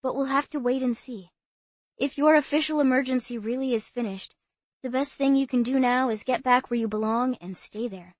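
A woman voicing a self-important young boy who acts as a club official, speaking in a brisk, officious way. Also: sits high, darkish tone, dry recording, pitched above the performer's own voice.

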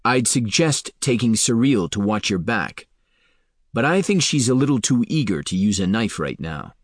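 A man voicing a calm, measured elder brother speaking with quiet care in an audiobook. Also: lowish voice, no echo, studio quality.

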